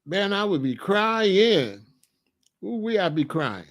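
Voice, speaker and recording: A man hosting a comedic monologue, an animated, profane storyteller who laughs often. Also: high voice, slow. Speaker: podcast host.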